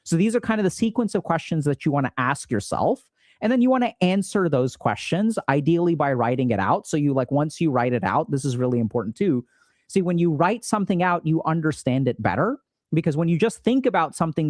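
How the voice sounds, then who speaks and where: Explaining emotional skills straight to camera, this man in his thirties keeps it casual and upbeat, performing dialogue from conversations he recalls. He speaks fairly quickly in a fairly high, slightly mellow voice with lively intonation, and the studio recording is clean with no echo.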